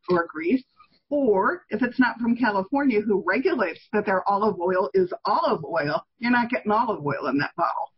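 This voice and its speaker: A woman's voice: on the high side, husky, lo-fi sound. A woman in her sixties, a guest on an interview podcast, explaining health views in an emphatic, opinionated way. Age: 60s. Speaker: guest, toxin elimination author.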